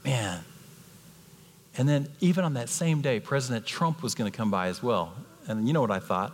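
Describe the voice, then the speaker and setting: Pausing often at a moderate pace, a mid-range-voiced guest speaker in his fifties preaches in a church sanctuary marked by long hall reverb. He tells his stories with animation, voicing the characters himself.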